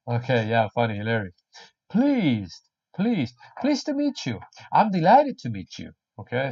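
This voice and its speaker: A man teaching an English lesson online, jokey and animated, repeating words slowly for learners. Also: medium pitch, dull audio. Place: home or small room in Spain.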